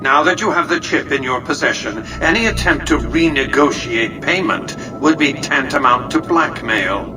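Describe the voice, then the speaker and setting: A man's voice: mid-range voice, animated, normal speed, few pauses, natural voice. A man voicing an imperious ancient tycoon, game clip. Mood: cold. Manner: clipped, imperious, coldly menacing. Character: cold calculating ancient male tycoon ruler. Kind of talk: video game dialogue. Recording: distant game clip with music behind.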